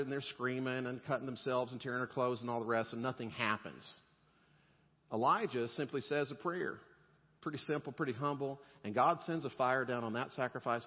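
A male pastor preaching a sermon in a relaxed, conversational way, with humor and softer, gentle passages. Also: medium pitch. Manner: conversational and humorous, dropping to soft gentle tones. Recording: lo-fi sound with long hall reverb.

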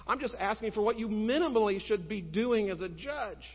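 A man acting out a persistent, wronged widow woman who shouts insistent demands for justice, in a dull recording with long hall reverb. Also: mid-range voice, quick pace, natural voice. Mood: pleading shout.

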